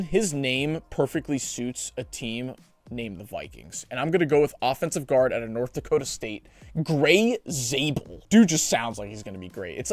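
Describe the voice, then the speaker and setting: A young man hosting a sports show, giving chatty, animated mock draft commentary with joking asides. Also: medium pitch, no room sound.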